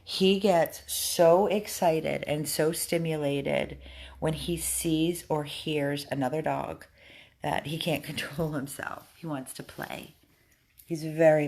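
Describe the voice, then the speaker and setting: Slow, low-voiced woman showing a rescue dog. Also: fairly even intonation, vocal fry, darkish tone. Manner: switches to high baby-talk for the dog. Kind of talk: casual talk to camera while playing with a dog. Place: indoor rescue room.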